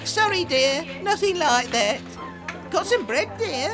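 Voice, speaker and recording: A man's voice: extremely high pitch, big pitch swings, slow, over music, voice pushed up, full character voice. A man voicing a chirpy old woman shopkeeper who chats away and calls everyone dear.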